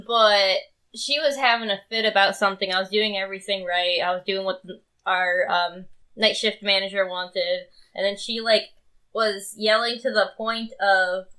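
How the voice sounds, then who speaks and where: Bright-voiced woman telling a story. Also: medium pitch, clean tone. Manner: laughs often, storytelling with fillers. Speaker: podcast guest. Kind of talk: casual chat.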